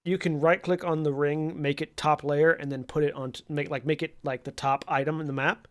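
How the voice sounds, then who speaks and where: Slightly high-voiced male player. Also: level tone, fairly quick, dry recording. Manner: explaining things step by step with fillers. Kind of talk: casual tabletop game chat.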